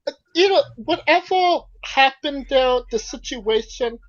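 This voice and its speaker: High-pitched woman arguing on a podcast, kinda muffled lo-fi sound. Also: expressive, measured pace, a loud crowd. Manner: questioning, pushes back in debate. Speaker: podcast co-host. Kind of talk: casual podcast chat.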